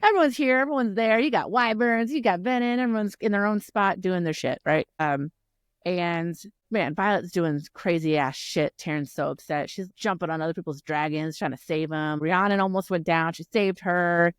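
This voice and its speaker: A woman co-hosting a book podcast, retelling the story in an animated, casual way with lots of laughter. Her voice sits a little low. The sound is dry and close. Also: moderate pace, smooth, no room sound. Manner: animated recapping with laughs and acted quotes. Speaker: podcast co-host.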